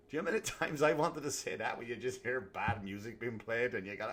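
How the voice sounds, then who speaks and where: A man's voice: medium pitch, animated, fast, few pauses, a bit bright. Profane ranting male comedian. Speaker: comedian podcast host. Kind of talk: solo comedic rant.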